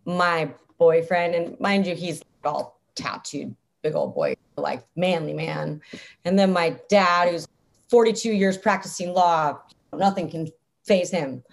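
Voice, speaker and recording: Upbeat chatty young woman, lowish voice. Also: measured pace, gravelly. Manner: upbeat, chatty, frequent "like" fillers and laughs. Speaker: interview guest. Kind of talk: casual interview talk.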